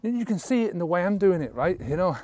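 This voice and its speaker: A man's voice: sits high, very animated, quick pace, mellow, slight background noise. Earnest swearing sobriety coach, man. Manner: earnest, swears casually, leans on "right?". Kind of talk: motivational talk to camera.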